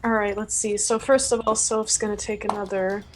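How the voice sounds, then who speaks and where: A woman's voice: mid-range voice, flat delivery, moderate pace, background noise. A British woman playing a tabletop game, thinking aloud and asking questions about her turn. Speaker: player. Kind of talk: casual tabletop play.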